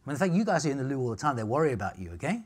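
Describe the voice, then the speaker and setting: A man's voice: mid-range voice, racing, breathy edge. A middle-aged man, giving a cheeky, joking lecture on nutrition to a live audience. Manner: cheeky, jokey, animated storytelling.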